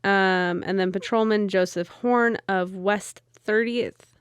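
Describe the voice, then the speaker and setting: A woman's voice: medium pitch, steady tone, slow pace, clean tone, no room sound, clean studio sound. A woman co-hosting a casual podcast, telling a story from her notes with frequent ums. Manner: narrates from notes with many ums, laughs easily. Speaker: podcast co-host.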